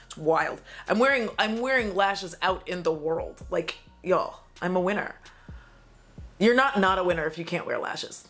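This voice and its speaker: Woman vlogger, casual get-ready chat while doing makeup, talkative with frequent swearing, soft music underneath. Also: mid-range voice. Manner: chatty, swearing, laughing often, acting out her own quotes. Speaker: beauty vlogger.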